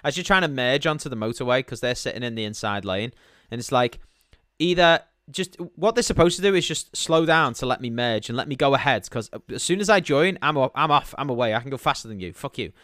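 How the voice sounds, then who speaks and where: A man's voice: medium pitch, animated, fairly quick, sharp tone, no echo, clean studio sound. A man co-hosting a podcast, ranting and mocking in casual, heavily profane banter. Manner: ranting, mocking, swears constantly. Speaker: podcast co-host.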